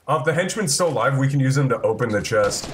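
A man's voice: mid-range voice, lively intonation, quick pace, slight background noise. Helpful man explaining game controls. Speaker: guest player. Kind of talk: casual gaming banter.

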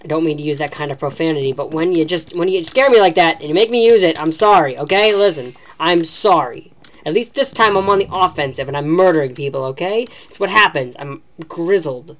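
Low-voiced woman joking over gameplay. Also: brisk. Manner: joking, self-mocking, talking to herself. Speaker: gaming channel host. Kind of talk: live gameplay commentary.

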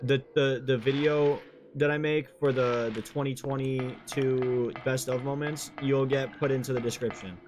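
A young man streaming a horror game, chatting casually in a rambling, halting way with frequent restarts. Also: mid-range voice, fairly even intonation. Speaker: gaming streamer. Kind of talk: casual gameplay chat. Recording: noisy stream audio.

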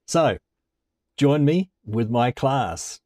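A man explaining a language lesson to camera in a relaxed, conversational way, chuckling now and then. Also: mid-range voice, drawn-out words, no room sound, clean studio sound. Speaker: language teacher.

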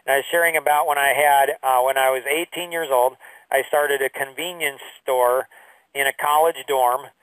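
A man teaching a business course through rambling stories, full of fillers, his voice jumping high when he quotes people. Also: steady tone, moderate pace, a bit bright, no echo, distant mic, low-quality recording. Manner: rambling storyteller with many fillers. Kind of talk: anecdotal online lesson.

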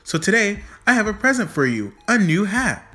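A cheerful, caring young niece from a storybook, chirpy and lively, as a man puts her on. The voice sits high and sounds bright and forceful, with faint music underneath. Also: moderate pace, full character voice.

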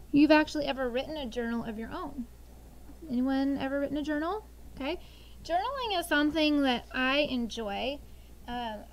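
A middle-aged woman teaching a sixth grade class, talking lively and telling funny family stories to the students. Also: sits high, poor audio. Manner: lively, animated storytelling. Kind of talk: classroom lesson with storytelling.

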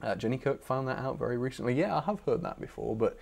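A man's voice: mid-range voice, expressive, fast talker, gravelly, darkish tone. A young British man hosting a live stream, chatting enthusiastically as he reads out viewer messages and shows their pictures. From Britain. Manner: chatty, enthusiastic, self-deprecating asides. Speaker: channel host reading viewer requests. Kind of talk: casual live-stream chat.

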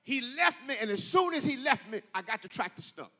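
A male pastor preaching a sermon, telling stories and rising into shouted, sing-song peaks. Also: extremely high pitch, expressive, brisk. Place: church sanctuary. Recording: echoey church hall.

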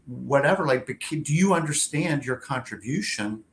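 Man host, mid-pitched, easygoing anecdote-teller, faint room noise. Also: expressive, moderate pace, a bit bright. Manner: chatty, tells anecdotes, hedges with "like" and "you know". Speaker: host of a career show. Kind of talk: casual interview chat.

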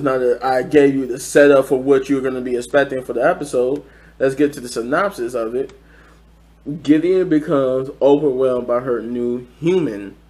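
Male reviewer, mid-pitched, loose and rambling, full of fillers and self-corrections. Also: darkish tone. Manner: rambling, many fillers and restarts. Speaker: show reviewer. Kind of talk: casual unscripted review.

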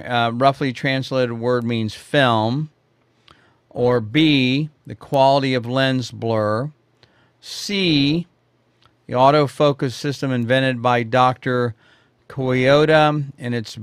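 Man, photography teacher, live quiz stream, rambling chatty delivery, smooth clear voice, dry room. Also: mid-range voice, no room sound. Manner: rambling, many fillers and restarts; chatty, addresses viewers directly.

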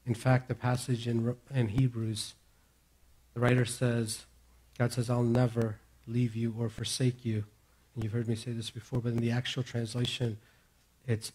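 Man, pastor, sermon, husky, mid-pitched, emphatic then hushed. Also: level tone, moderate pace. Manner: impassioned preaching, swinging from raised declarations to hushed near-whispers.

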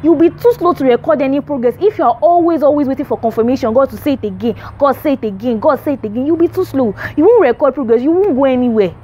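A young woman preaches straight to camera in a vlog. Her voice sits a little high. She drives each point home by repeating it, pressing and exhorting as she goes. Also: fast, few pauses, mellow, slight background noise. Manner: emphatic, repetitive, exhorting. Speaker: Christian vlogger. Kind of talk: faith teaching to camera.

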